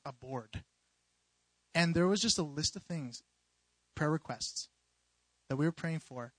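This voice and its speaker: A young man telling a story in an informal sermon, animated and rambling, with many restarts and fillers. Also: on the high side, no echo. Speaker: youth preacher.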